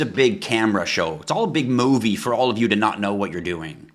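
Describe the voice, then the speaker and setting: A man's voice: fairly low pitch, animated, fairly quick, hardly any pauses. A man hosting a live crypto stream, talking bluntly to his chat viewers and ranting at times. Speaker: livestream host.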